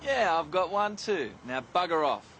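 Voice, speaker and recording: A man's voice: on the high side, lively intonation, normal speed, fairly bright tone, slight background noise. An actor playing a cocky, mocking Australian man in a TV drama. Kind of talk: TV drama acting.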